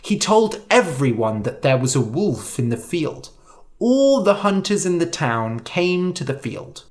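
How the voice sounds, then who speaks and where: A storyteller reading a fable slowly and clearly for English learners. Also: medium pitch. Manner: slow, clear, expressive reading.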